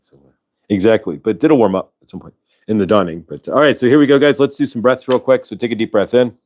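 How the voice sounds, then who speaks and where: Speaking fast in a medium-pitched, darkish voice, this man hosts a live spiritual channeling stream from home in Colorado. His casual chat with viewers rambles, full of fillers and false starts.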